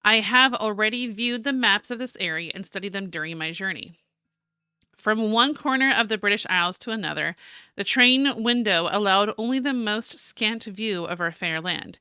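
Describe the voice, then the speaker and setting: A woman's voice: medium pitch, normal speed, pushed and bright, clear, resonant tone, dry recording, studio quality, close to an everyday voice. A woman voicing a stiff, proud male cartographer, reading his journal aloud in a formal, slightly fancy manner with small stumbles.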